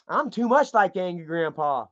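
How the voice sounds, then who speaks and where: A man's voice: high voice, expressive, moderate pace, fairly bright tone. A man giving profane, heated commentary to his viewers, ranting as he browses online pages. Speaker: commentary vlogger. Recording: dull lo-fi sound.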